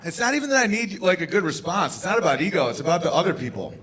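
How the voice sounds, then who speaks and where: A man performing a brash stand-up comedy set on a club stage, bursting into loud shouted bits. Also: high-pitched, sing-song, very fast, background noise.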